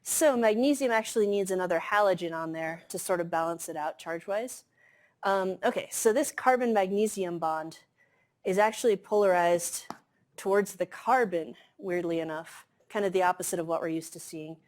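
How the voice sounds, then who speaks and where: Casual woman lecturing, lowish voice. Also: normal speed. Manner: casual, filler-heavy explaining with frequent "um" and "like". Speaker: chemistry lecturer. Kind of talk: classroom lecture. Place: lecture hall.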